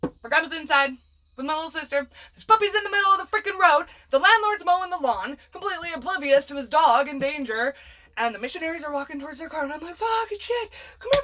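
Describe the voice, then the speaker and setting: A woman's voice: high voice, sharp tone. A woman vlogger telling a personal story in a casual, dramatic, rambling way, swearing freely and laughing as she goes.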